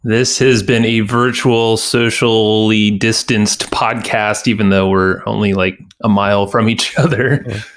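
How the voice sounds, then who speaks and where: Low-voiced man, easygoing podcast co-host. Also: fairly even intonation, measured pace. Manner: easygoing, laughs often. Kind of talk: casual chat. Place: at home, recording remotely.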